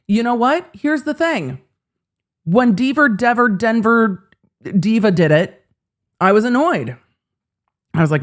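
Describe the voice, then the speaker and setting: A woman's voice: on the high side, animated, unhurried, pauses often. A woman hosting a legal commentary stream, chatting casually and retelling courtroom moments with animation.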